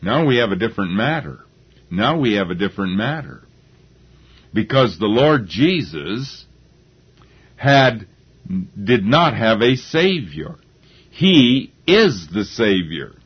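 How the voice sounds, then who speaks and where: A man preaching a sermon, slow and deliberate, with halting restarts as he gathers his thoughts. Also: fairly low pitch, big pitch swings, breathy edge. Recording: dull lo-fi recording.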